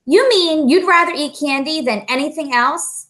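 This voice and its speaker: A woman's voice: high-pitched, normal speed, fairly bright tone, pitched above the performer's own voice. A woman voicing a patient father who reasons earnestly with his son in a storybook reading. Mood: reasoning.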